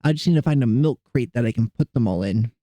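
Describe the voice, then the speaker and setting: A man's voice: medium pitch, animated, fast, dark tone, no echo. A man streaming and chatting casually with his viewers, rambling and self-deprecating as he greets people in chat.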